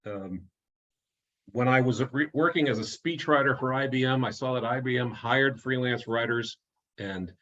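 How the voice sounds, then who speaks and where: A man's voice: mid-range voice, moderate pace, fairly bright tone, highs cut off. A man giving an online talk as an author, telling anecdotes in a chatty way, often restarting and chuckling at his own stories.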